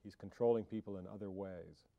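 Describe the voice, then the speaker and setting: This interviewed film actor has a low-pitched voice with vocal fry and fairly even intonation, speaking fairly quickly; the audio is dull with no room sound. Discussing his acting, he's casual and wry, joking and trailing off with fillers and restarts.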